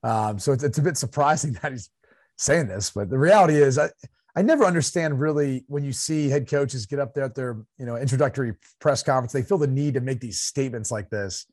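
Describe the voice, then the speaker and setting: A man's voice: medium pitch, fairly quick, a little mellow, no room sound, clean studio sound. A man from Ohio co-hosting a sports podcast in casual chat, laughing often and breaking into impressions of coaches.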